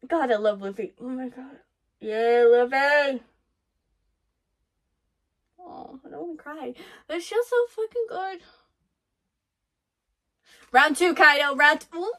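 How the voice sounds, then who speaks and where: A woman hosting an anime reaction, talking excitedly over what she watches, gasping, laughing and swearing. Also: high-pitched, slow pace, pauses often. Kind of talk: live reaction commentary.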